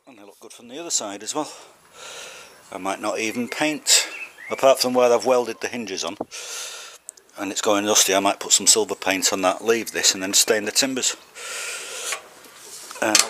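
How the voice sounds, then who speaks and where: A man's voice: fairly low pitch, a bit bright, slight background noise. A man filming his DIY yard project, talking casually and a little out of breath. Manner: chatty, breaks off with ums and short laughs. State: a bit out of breath. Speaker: DIY vlogger. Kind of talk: casual workshop vlog. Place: outdoor yard building site.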